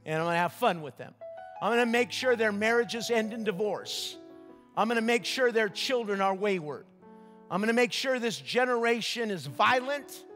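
A man's voice: high-pitched, expressive, moderate pace, fairly bright tone, long reverb tail, soft background music, pitched above the performer's own voice. An older man voicing a boastful, cruel male devil in a sermon story, gloating as he lists threats.

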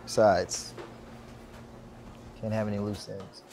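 A man's voice: fairly low pitch, slow pace, a little hiss or hum. Man playing a terse cold hitman. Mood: calm, cool. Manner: clipped, flat, dismissive. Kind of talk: web series drama acting.

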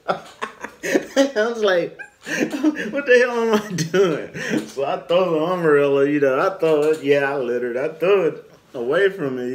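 A man telling a story casually and animatedly, with his voice rising and falling freely. His pitch sits a little above the usual male range, and he chuckles throughout the telling. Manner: animated, laughs often while telling. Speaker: storyteller vlogger.

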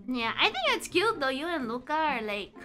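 A woman's voice: sits high, sing-song, moderate pace, bright, forceful tone, soft background music. A woman streamer chatting casually with friends in a playful, teasing way. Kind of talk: casual chat.

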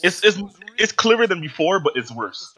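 Young male gamer host, excitable and giggly, slightly high bright voice, big pitch swings. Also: normal speed, dry recording. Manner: excitable, laughs a lot, swears. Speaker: gaming channel host. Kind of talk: casual gaming chat with friends.

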